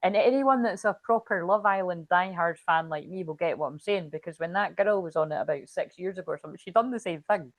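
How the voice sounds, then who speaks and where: A woman's voice: fairly low pitch, brisk, hardly any pauses, no room sound. Woman rambling on her livestream, swears a lot, dry close mic. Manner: chatty, swears freely, quotes others in a lively way. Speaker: spiritual reader and livestream host. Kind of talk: rambling casual livestream chat.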